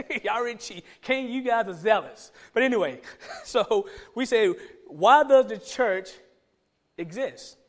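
A man's voice: high-pitched, animated, a little slow. A man, a pastor, giving a conversational sermon, asking many rhetorical questions and joking with the congregation.

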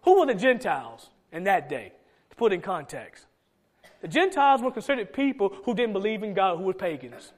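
A middle-aged man preaching a sermon, swinging between loud emphatic calls and soft low asides. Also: big pitch swings, a little fast. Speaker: pastor.

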